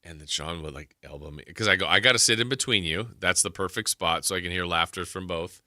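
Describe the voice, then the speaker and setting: Low, bright-voiced male radio host. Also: fast talker, no echo, clean studio sound. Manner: rambling, laid-back, trailing off. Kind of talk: casual chat and show segue.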